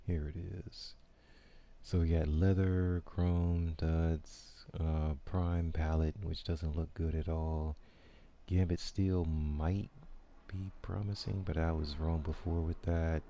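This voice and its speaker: A man's voice: extremely low pitch, level tone, slow pace, dark tone, muffled recording. A man giving casual gameplay commentary, thinking aloud with hesitant ums and restarts as he weighs his options. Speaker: gaming video creator.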